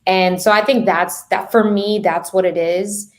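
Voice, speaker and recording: A woman's voice: medium pitch, steady tone, measured pace. A woman appearing as a guest on a podcast, a mindset coach speaking candidly and reflectively in casual conversation. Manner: candid and reflective, thinks out loud.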